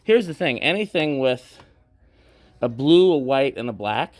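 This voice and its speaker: A man chatting casually while filming in a thrift store stockroom, out of breath, excited and thinking aloud. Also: medium pitch, measured pace. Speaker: vlogger, ceiling fan collector. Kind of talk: casual walk-through chat.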